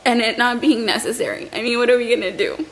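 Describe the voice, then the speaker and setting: A woman's voice: on the high side, fairly even intonation, quick pace, low-quality recording. A young woman vlogger who is still shaken up, telling a long story in a rambling way and often repeating her words. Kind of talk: emotional storytime vlog.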